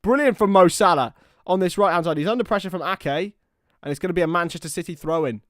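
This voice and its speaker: A young man giving live partisan football commentary on a watchalong stream, excitable and prone to shouting. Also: high voice, quick pace, no room sound, clean studio sound.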